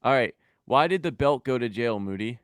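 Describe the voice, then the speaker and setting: A man's voice: mid-range voice, animated, moderate pace, no echo. A man co-hosting a music review livestream in loose casual chat, full of fillers and dad jokes, on a close mic.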